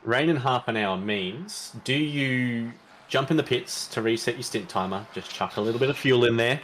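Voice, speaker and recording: A man commentating a sim race live, relaxed and joking with his co-hosts. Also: mid-range voice, moderate pace, a little hiss or hum.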